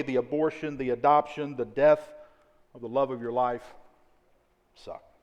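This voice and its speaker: Emphatic preacher in a reverberant church. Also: male voice, a little high. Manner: emphatic, repetitive preaching with deliberate slow stresses. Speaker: pastor. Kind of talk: sermon. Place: church auditorium. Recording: church hall with long reverb.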